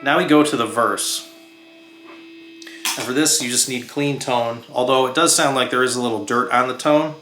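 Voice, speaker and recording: A man's voice: mid-range voice, moderate pace. Chatty male guitar teacher in a roomy space. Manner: relaxed, chatty, sings and hums rhythms while playing. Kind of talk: casual guitar lesson. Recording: roomy sound with loud guitar playing. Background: his own electric guitar.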